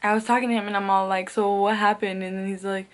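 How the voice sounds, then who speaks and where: A woman's voice: medium pitch, flat delivery, fast. Rambling, profane young woman telling a story. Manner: laughs often between phrases. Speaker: vlogger. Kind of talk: casual storytime.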